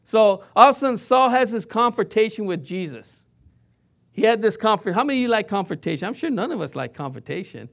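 A man preaches a sermon with a noticeably high voice. He talks to the congregation in a loose, conversational way and asks them questions. He also mimics sounds and voices to drive his points home. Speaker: pastor.

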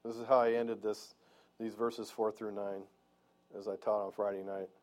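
A man's voice: fairly low pitch, level tone, normal speed, darkish tone. A male pastor preaching in church, earnest and conversational, asking the congregation questions as he goes. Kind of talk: sermon.

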